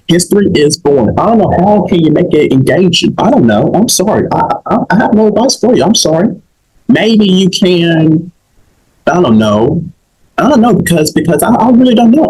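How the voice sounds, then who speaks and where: A man's voice: high-pitched, darkish tone, breathy edge, poor audio. A young man hosting a comedic advice show, emphatic and preachy, often checking in with his listeners.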